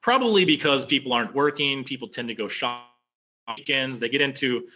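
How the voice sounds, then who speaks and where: A man leads an online lesson in a casual, rambling way, leaning on fillers and asking his listeners questions. His voice is bright and forward. The call audio is dull and lo-fi. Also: medium pitch, lively intonation, brisk. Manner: loose, filler-heavy, conversational, asks rhetorical questions. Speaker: webinar presenter. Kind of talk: casual teaching webinar. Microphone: computer mic on a video call.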